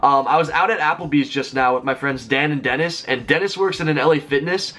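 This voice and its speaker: A YouTuber in his twenties tells his viewers a story in a chatty vlog style, speaking rapidly and peppering his talk with "like." His voice is fairly high-pitched and a bit bright.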